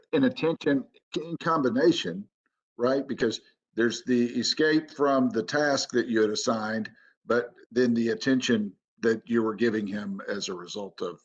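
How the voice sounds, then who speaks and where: A man's voice: medium pitch, breathy edge. A man interviewing, summarizing the speaker's points to check his understanding. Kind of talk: clarifying questions. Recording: dull lo-fi audio.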